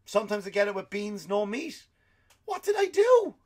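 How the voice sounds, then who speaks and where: A man's voice: big pitch swings, moderate pace, darkish tone. A panicked fired office guy. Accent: Irish. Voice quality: squealing high falsetto. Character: panicked fired office man, shrill and bewildered.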